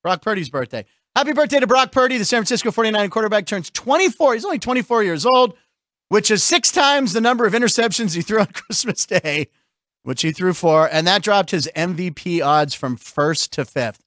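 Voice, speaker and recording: A man's voice: high-pitched, lively intonation, fairly quick, a bit bright, no room sound, studio quality. A man hosting a sports and comedy show, chatting casually and laughing often. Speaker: host.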